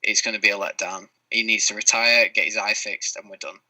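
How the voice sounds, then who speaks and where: Male co-host, firm and blunt, very bright, dry close mic. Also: on the low side, fairly even intonation, brisk, no echo, rough recording. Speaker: podcast co-host. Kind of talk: casual debate.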